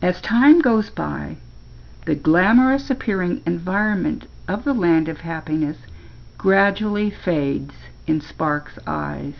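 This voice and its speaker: An older woman reads a children's story aloud in a slow, gentle way. Her voice is low and deeply gravelly. The recording is slightly muffled. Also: expressive.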